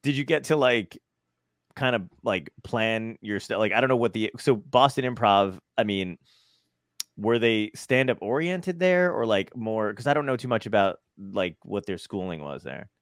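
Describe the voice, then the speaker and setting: A man's voice: lowish voice, expressive, moderate pace, no room sound, studio quality. A man hosting a casual podcast chat, rambling and laughing, with loose, profane storytelling. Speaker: podcast host.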